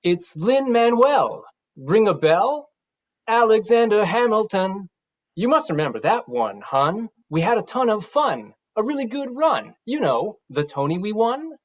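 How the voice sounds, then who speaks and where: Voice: medium pitch, very animated, a little slow, highs cut off. An actor playing a famous songwriter calling on the phone, talking in rhymes and slang, in a stage play. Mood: charming. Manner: talks in rhymes. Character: impression of a famous composer, rhyming street-style talk.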